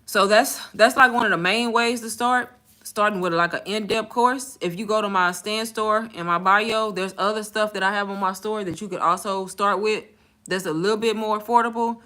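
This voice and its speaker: A woman's voice: mid-range voice, fairly even intonation, normal speed, pushed and bright. A young woman talking candidly in a casual storytime vlog, blunt and slangy, laughing often as she talks. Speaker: content creator and bank call center agent.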